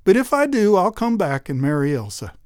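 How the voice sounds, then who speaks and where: A wry, level-headed young fellow voiced by a man speaks in a calm, understated tone that is a little lower than the storyteller's own. The recording is dry and intimate. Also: fairly quick, clear, resonant tone, no room sound.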